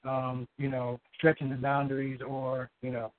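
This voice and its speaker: A man calling in to read his spoken-word poem, halting at times and filling gaps with fillers and restarts. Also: mid-range voice, monotone, no echo. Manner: halting, with many fillers and restarts between lines. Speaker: caller reading his poem. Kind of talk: spoken-word poetry over the phone. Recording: tinny phone line.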